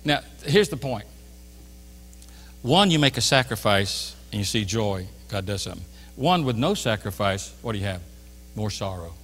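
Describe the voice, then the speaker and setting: A man's voice: medium pitch, a bit bright, a little hiss or hum. A man preaching a sermon as a pastor, telling a story animatedly and acting out both sides of a store exchange. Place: church sanctuary. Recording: church hall reverb.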